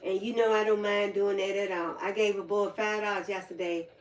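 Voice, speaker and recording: A woman, casually telling folksy stories on a livestream in a colloquial, animated way. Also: medium pitch, fairly quick. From North Carolina, US. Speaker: livestream host. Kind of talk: casual storytelling chat. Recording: roomy echo, distant mic, faint background noise.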